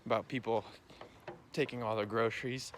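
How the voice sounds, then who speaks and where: A man's voice: medium pitch, fairly even intonation, normal speed, noisy background. Chatty young farmer man vlogging. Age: young adult. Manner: chatty, joking asides. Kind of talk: casual vlog narration.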